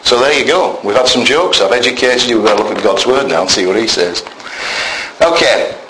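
A man's voice: mid-range voice, brisk, fairly bright tone, a little hiss or hum. A man preaching a sermon in a church, emphatic and conversational, often asking the congregation questions. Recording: echoey church room with faint ambience.

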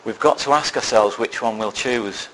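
A man's voice: on the low side, moderate pace, fairly bright tone, a little hiss or hum, poor audio. A man preaching a sermon, telling a personal story with self-deprecating, dry humour before turning to a serious point. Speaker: lay preacher.

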